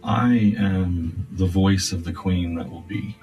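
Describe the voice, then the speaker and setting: A veiled, spider-like being of no clear sex speaks in a slow, solemn, cryptic voice, as a man puts it on in a tabletop game. The voice is low and unhurried, caught from a distance by the mic, with faint music underneath. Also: darkish tone. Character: tall thin spider-like veiled androgynous being, ominous. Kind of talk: voicing a figure in a tabletop game.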